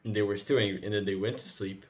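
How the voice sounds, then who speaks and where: A man's voice: on the low side, fairly even intonation, quick pace. A man chatting casually as a podcast co-host, rambling, swearing and laughing as he talks. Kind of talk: casual chat.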